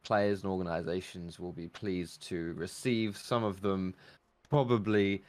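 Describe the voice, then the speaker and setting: A man's voice: deep voice, fairly even intonation, measured pace. A young British man hosting an esports podcast, joking and laughing in casual banter. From Britain. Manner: joking, laughs often, loose and rambling. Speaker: podcast host.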